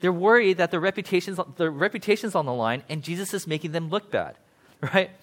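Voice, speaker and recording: Guy preaching casually, kinda high voice, lots of "like" and "right?". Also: brisk. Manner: conversational, animated paraphrasing with frequent "like" and "right?". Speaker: pastor. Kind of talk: casual sermon with slides.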